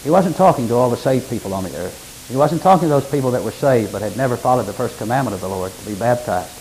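In a fast, expressive sermon, a male preacher works through scripture at a medium pitch, often jumping into sudden, louder emphatic peaks. The recording is low quality, with a faint hiss underneath.

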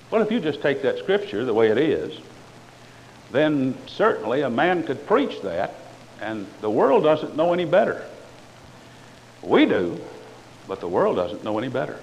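Fervent preacher man, wide-swinging pitch. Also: sing-song, normal speed, highs cut off, slight background noise. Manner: fervent, swings between loud declarations and quiet asides; sarcastic toward other preachers. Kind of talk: sermon.

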